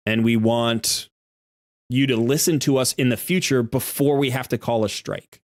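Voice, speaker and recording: A man's voice: medium pitch, no room sound, clean studio sound. A male game streamer in a live stream, making an argumentative case with worked examples.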